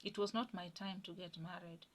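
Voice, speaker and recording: A young woman telling her personal testimony in an earnest, animated way, dropping to a hush when moved. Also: fairly low pitch, normal speed. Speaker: guest sharing a personal testimony.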